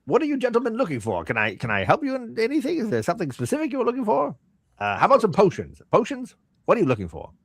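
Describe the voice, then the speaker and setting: A man voicing a fussy little male magic-item shopkeeper who chatters in a high, hesitant way. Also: fast talker, no echo, clean studio sound, full character voice. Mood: eager. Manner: high excitable patter with hesitant ums.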